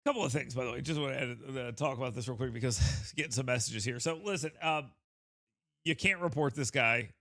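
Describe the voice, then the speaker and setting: A male talk host with a gravelly, bright edge to his voice, scoffing and sarcastic as he reacts to clips. The sound is dry and close. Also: mid-range voice, brisk, dry recording. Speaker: radio host. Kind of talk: mocking commentary over clips.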